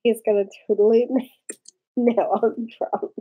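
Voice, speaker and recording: A woman's voice: a little high, husky, phone-quality sound. A drunk woman in her forties hosting a casual live stream, rambling, giggling and reacting to viewer comments.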